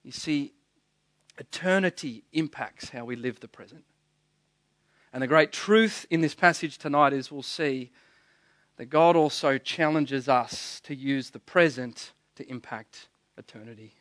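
A man's voice: mid-range voice, unhurried, a bit bright, dry recording, clean studio sound. A man preaching a sermon, telling stories earnestly and often restarting his words. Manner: earnest storytelling, stammering restarts. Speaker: pastor.

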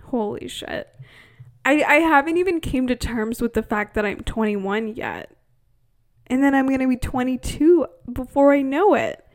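A woman's voice: high-pitched, expressive, moderate pace. A 21-year-old woman chatting candidly in a casual vlog, with lots of fillers. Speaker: vlogger.

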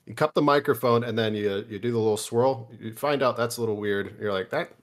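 A man's voice: medium pitch, fairly quick. A young man co-hosting a casual podcast, telling crude stories in a rambling, jokey way. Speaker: podcast co-host.

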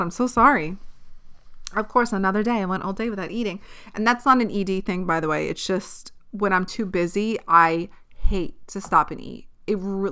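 A young woman hosting her own podcast, venting bluntly and profanely in a casual, animated way. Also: medium pitch, smooth. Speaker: podcast host. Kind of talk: casual solo podcast rant.

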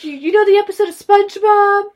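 A woman's voice: extremely high pitch, fast talker, a little mellow, lo-fi sound. A woman chatting casually on a stoner vlog, stoned, coughing and laughing, with crude slang. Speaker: vlogger.

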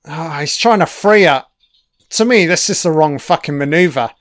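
A man's voice: a little high, expressive, normal speed, dry recording, clean studio sound. A man giving a casual, profane commentary on a film, swearing constantly and cheering at the screen.

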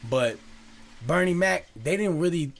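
A man co-hosting a podcast, telling an animated story in casual chat with frequent restarts. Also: a little high, unhurried, gravelly. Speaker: podcast co-host.

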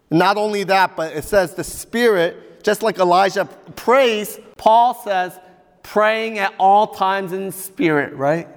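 A man preaching a sermon as pastor, telling a story in a lively, conversational way with asides to the congregation. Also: sits high, in a large hall.

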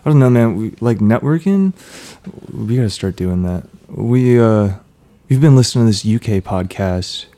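Laid-back man, mellow lowish voice. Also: animated, normal speed. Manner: laughs often, rambling questions. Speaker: podcast co-host. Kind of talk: casual podcast chat.

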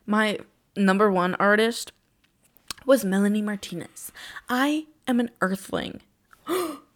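A woman's voice: mid-range voice, expressive, measured pace. Gushing teenage girl chatting solo. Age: teens. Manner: gushing, breathless, exclamations. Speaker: podcast host. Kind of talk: casual solo chat.

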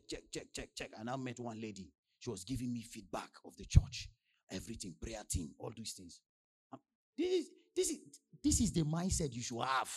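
A young adult man from Nigeria with a Nigerian accent, preaching a sermon with big swings between shouted declarations and quiet asides. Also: medium pitch, slightly rough. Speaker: pastor.

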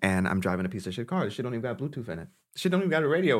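A young man tells a story on a casual podcast. His pitch swings widely as he cusses freely and laughs through his lines. He talks like he is chatting with an old friend. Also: big pitch swings, rapid-fire. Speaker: podcast co-host.

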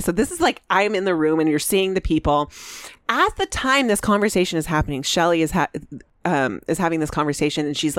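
A woman telling a story in casual chat, animated, acting out what people said. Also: lowish voice, no room sound, studio quality. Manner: animated storytelling, acts out quotes. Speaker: local school meeting commentator.

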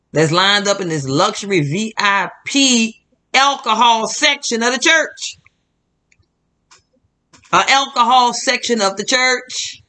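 Fired-up preachy man, high and bright. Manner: fired-up, preachy, addresses audience as "y'all"; emphatic repetition. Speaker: Christian commentary host. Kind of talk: indignant religious commentary.

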